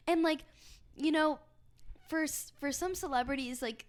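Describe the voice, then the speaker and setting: A woman's voice: on the high side, brisk. A young American woman in her twenties, co-hosting a casual podcast chat with friends, rambling and chatty with lots of fillers. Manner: chatty, rambling, heavy use of "like". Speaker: podcast co-host.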